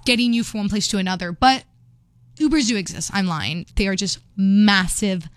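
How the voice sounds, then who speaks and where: A young woman chatting casually about a trip, giggly and animated, acting out quotes. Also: mid-range voice, moderate pace, no room sound. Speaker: travel vlogger. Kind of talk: casual chat.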